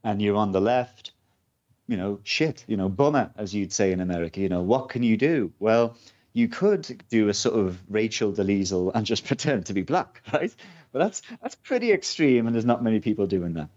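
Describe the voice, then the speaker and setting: A man's voice: lowish voice, expressive, moderate pace, a little mellow, dull audio. A man from Britain talking casually as a guest, rambling with many fillers and asides. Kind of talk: casual conversation.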